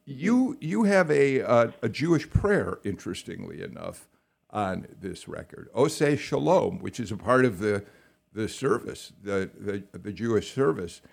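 A male radio host with a gravelly edge asks rambling, halting questions. His pitch swings up and down as he talks. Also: animated. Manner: halting questions full of fillers and restarts. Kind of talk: radio interview.

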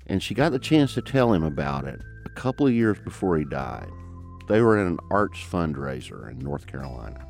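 A man with a Southern mountain twang, hosting and narrating a scripted program in a measured, folksy way. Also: extremely low pitch, sing-song, gravelly, a little mellow, soft background music. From American South. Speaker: host.

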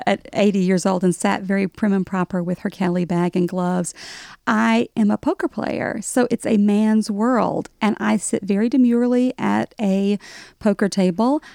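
Middle-aged Southern woman, gravelly low tone, wry humor, dry close sound. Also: warm tone, dry recording. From American South, Alabama. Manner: wry, self-deprecating humor. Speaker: author guest. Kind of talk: conversational interview.

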